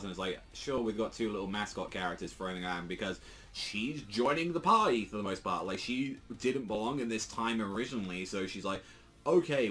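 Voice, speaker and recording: A man's voice: fairly low pitch, fairly bright tone. A man reviewing a manga chapter in a loose, rambling way, full of fillers and swearing, briefly acting out characters' lines as he retells the scenes. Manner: rambling, lots of fillers and swearing, acts out quotes in passing.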